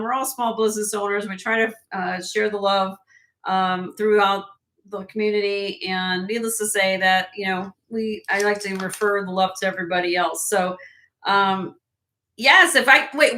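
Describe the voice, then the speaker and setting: A woman hosting a live jewelry sale stream in casual chat, laughing often and a little hoarse from losing her voice. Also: mid-range voice, bright, forceful tone. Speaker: host and jewelry seller.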